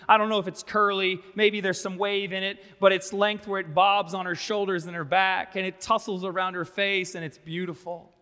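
A man's voice: high voice, pushed and bright. A man pastor giving a sermon, conversational with wry asides, in a church sanctuary. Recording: long reverb of a large sanctuary.

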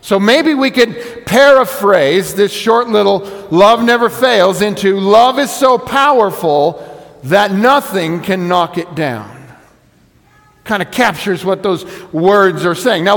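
Male pastor, high voice, teaching sermon, conversational, emphatic repetition, reverberant hall. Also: animated, unhurried, a bit bright.

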